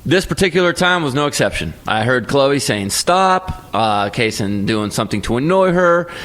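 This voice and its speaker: A man in his thirties co-hosting a casual podcast chat, telling stories with lively energy and acting out his kids' voices. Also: mid-range voice, moderate pace. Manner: animated storyteller, acts out his kids' voices. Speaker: podcast co-host.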